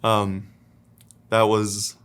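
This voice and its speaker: Soft-spoken young man, brief and easygoing. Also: on the low side, monotone, extremely slow, smooth. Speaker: groom-to-be telling their love story. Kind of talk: casual conversation on camera. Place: video studio.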